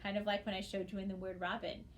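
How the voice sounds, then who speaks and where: A woman gives a phonics lesson to students she cannot see, talking in a patient, encouraging way. She spells out letters slowly and clearly. A faint hiss runs under her voice. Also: medium pitch, flat delivery. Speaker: reading teacher.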